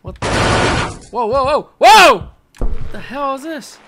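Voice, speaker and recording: A young man doing excitable let's play commentary, yelping, shouting and swearing at game mishaps. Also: very high voice, slow pace, noisy background. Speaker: gaming video host.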